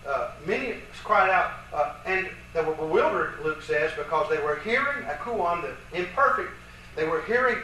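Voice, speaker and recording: A man teaching a Bible lesson from charts, emphatic and slowing down to stress each quoted verse. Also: high-pitched, pushed and bright, a little hiss or hum. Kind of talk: lecture with charts. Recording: echoey room from a distance.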